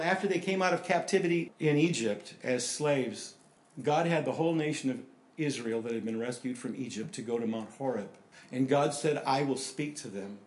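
Older male pastor, storytelling sermon, slightly high voice, reverberant room. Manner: storytelling, animated with sudden loud emphasis.

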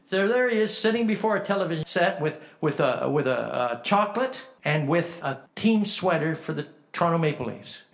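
A fairly high-voiced male preacher telling a sermon story. He drops to a hush, then turns emphatic, and puts pointed questions straight to his listeners. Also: normal speed, creaky, few pauses. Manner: animated, swings from hushed to emphatic, asks the listeners direct questions.

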